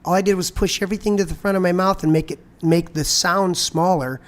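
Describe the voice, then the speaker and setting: Host, hoarse male voice pitched a little high, animated storyteller in casual podcast chat. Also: brisk. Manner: animated storyteller, repeats words, sings snippets. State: voice worn out from illness.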